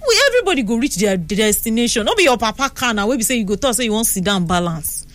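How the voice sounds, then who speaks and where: Animated young Nigerian woman radio host. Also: fairly high pitch, fast talker. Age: young adult. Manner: animated, chatty. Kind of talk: casual radio talk and storytelling. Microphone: studio microphone.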